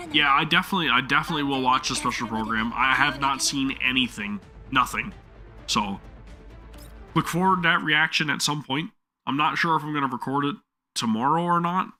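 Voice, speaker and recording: A man's voice: medium pitch, sharp tone. A young man, a gaming YouTuber, rambling casually about his backlog. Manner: rambling, filler-heavy.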